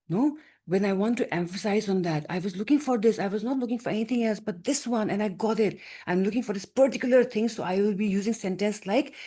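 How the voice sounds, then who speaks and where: A woman's voice: medium pitch, mellow. A woman teaching grammar to exam students, often repeating herself and checking in with "okay?" and "no?".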